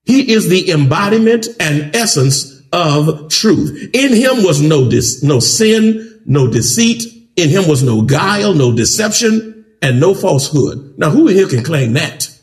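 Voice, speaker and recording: A man preaching a sermon as pastor in a church, with rising rhythmic emphasis that builds to shouts. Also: on the high side, sing-song, a little slow. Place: church sanctuary.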